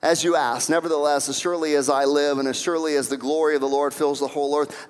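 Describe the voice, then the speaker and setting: A man preaching a sermon as pastor, acting out quoted voices and building to fervent emphasis. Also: a little high. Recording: long hall reverb.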